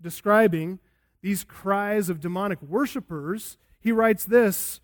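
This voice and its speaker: A man preaching an expository sermon as a pastor, emphatic and swinging between loud and hushed delivery. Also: sits high, slow pace.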